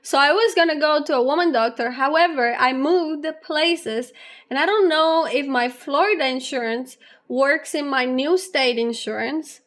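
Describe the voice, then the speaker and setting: A young adult woman streamer chatting casually with her live chat, rambling on at length and laughing often, a little low on energy. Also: moderate pace, fairly bright tone. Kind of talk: casual livestream chat, reading chat aloud.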